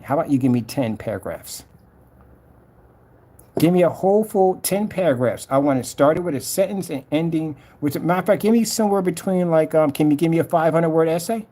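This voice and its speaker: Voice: mid-range voice, darkish tone. A vlogger ranting casually to camera, scolding and mocking a troll while reading his comments aloud.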